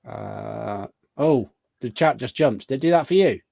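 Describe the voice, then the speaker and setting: A man with a voice, hosting a relaxed live stream and greeting viewers one after another by name. He keeps a middle pitch. His voice comes through close and dry, with no room sound. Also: unhurried, gravelly, no room sound. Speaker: podcast host. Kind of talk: casual live-stream chat.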